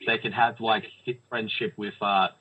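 A man co-hosting a casual movie review podcast, chatty and quick to laugh. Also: lowish voice, flat delivery, slightly rough, phone-quality sound. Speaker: podcast co-host.

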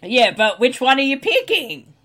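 Woman, casual movie commentary, teasing, blunt, animated pitch. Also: normal speed. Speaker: podcast co-host watching a film.

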